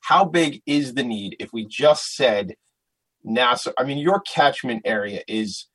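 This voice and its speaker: A man's voice: medium pitch, animated, measured pace, fairly bright tone, breathy edge, no echo. A man from Long Island hosting an interview show, thinking aloud and getting impassioned. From Long Island, New York. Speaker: show host. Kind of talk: casual interview.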